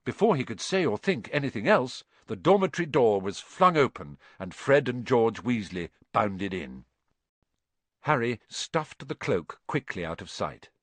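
A man narrating a children's story with expressive, measured storytelling. His pitch moves a lot, lively and full of shape. The recording is dry and close with no room sound. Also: no room sound. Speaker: audiobook narrator.

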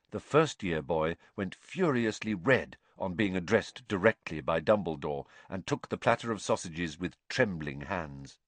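A middle-aged man narrating an audiobook in a measured, expressive way. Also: deep voice, no echo. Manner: expressive, measured, varied intonation.

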